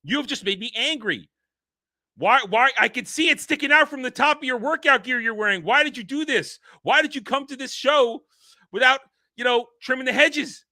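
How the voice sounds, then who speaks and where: Man playing a muscle-bound fighter in a berserk rage, yelling high and sharp, indignant. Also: moderate pace, no room sound, studio quality, heavily acted. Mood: outraged. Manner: shouting indignant rants. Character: enraged muscular male fighter in berserker rage.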